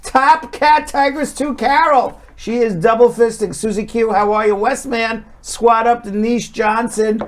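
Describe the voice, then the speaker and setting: A man's voice: very high voice, fairly even intonation, unhurried, few pauses. Upbeat New York man, immigration lawyer and live-stream host, greets fans and answers questions. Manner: upbeat, greets viewers by name. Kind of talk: live-stream chat, reading comments.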